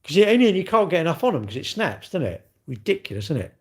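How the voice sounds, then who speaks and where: A man's voice: on the high side, very animated, fast, breathy edge. Rambling, jokey middle-aged man. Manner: rambling, jokey, self-mocking banter. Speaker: livestream host. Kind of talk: casual chat reading viewer comments.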